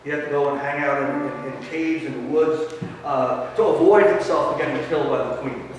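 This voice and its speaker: A man preaching a sermon as a pastor, telling the story with animated swings between quiet asides and loud emphasis. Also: fairly high pitch, fairly quick, a little hiss or hum. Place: church sanctuary. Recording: echoey church hall from far off.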